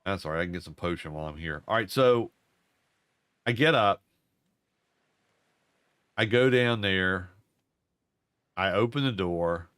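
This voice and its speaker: Sitting low in pitch, an older man's voice moves a little slowly with long pauses as he rambles through a folksy tale over a game at home, repeating himself. The gaming channel host sounds smooth and fairly bright, with no echo.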